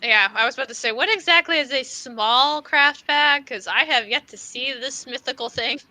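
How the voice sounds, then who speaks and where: A woman co-hosting a casual writers' livestream, telling lively stories and laughing easily. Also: high-pitched, normal speed, no room sound, low-quality recording. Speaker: writing livestream co-host. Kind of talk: casual chat.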